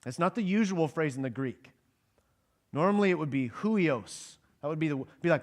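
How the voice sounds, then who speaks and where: Fairly quick and animated, a man with a slightly high voice preaches conversationally on a Bible passage. He puts questions to the congregation and acts out the lines spoken by the passage's characters.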